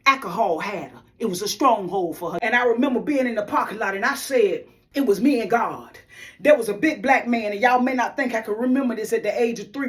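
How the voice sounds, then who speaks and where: Emphatic woman giving a faith testimony. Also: mid-range voice. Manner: emphatic, preacher-like, addresses viewers as y'all. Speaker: testimony speaker.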